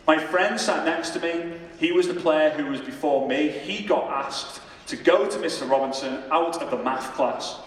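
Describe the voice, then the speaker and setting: A young man tells a story from a conference stage, throwing himself into the voices of his own past. His voice sits a little high, and it is picked up from a distance. A long, booming reverb from the large congress hall surrounds every word. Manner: animated storyteller, acts out voices in quotes. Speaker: motivational speaker. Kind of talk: storytelling keynote speech on stage. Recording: echoey hall mic from far off.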